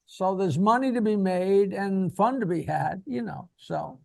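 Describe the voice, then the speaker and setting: A man with a high voice co-hosts a podcast. He gives advice in a loose, rambling way, padding it with fillers and restarts. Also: unhurried, gravelly, darkish tone. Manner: rambling advice full of "you know" and restarts. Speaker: podcast co-host. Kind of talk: podcast interview.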